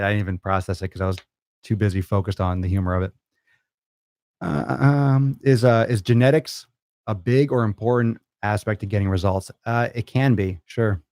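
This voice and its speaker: A man's voice: fairly low pitch, darkish tone, dry recording, studio quality. A man hosting a fitness podcast, answering listener questions in a blunt, profane, rambling way. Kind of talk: casual listener Q&A.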